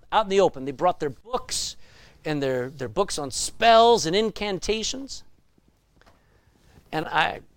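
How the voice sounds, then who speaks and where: An older man preaching a sermon, telling stories with sudden loud bursts of emphasis. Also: fairly high pitch, no echo. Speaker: pastor.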